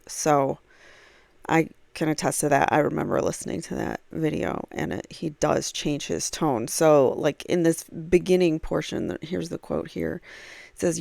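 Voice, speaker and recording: A woman's voice: low voice, creaky, darkish tone, dry recording. A woman commenting on a true crime case, reading aloud from a blog with frequent fillers and casual asides.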